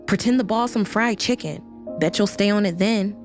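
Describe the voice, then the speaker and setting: Woman reading a book aloud, putting on a pushy teen girl who gets defensive fast. The voice is only a little higher than her own. Music plays clearly behind it. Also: lightly acted. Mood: indignant. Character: teenage girl, brash and defensive.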